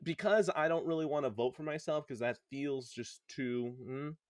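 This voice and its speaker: A man's voice: mid-range voice, moderate pace, dry recording, studio quality. A man hosting a casual podcast chat, joking and laughing often. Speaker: podcast host.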